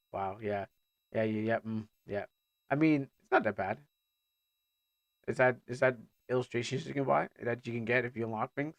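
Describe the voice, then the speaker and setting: A man's voice: medium pitch, no room sound. A man streaming casually, reacting to game trailers as he talks, rambling and stammering with joking asides.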